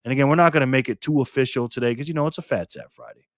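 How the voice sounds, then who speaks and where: An older man hosting a casual live stream, greeting viewers by name, loud and cheerful one moment and low and quiet the next. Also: sing-song, very fast, no echo, studio quality.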